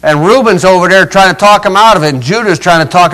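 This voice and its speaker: An older male preacher retelling a scripture story in a folksy, dramatic way, swinging between loud rises and quiet drops. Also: high voice, fast, few pauses, poor audio. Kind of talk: storytelling sermon.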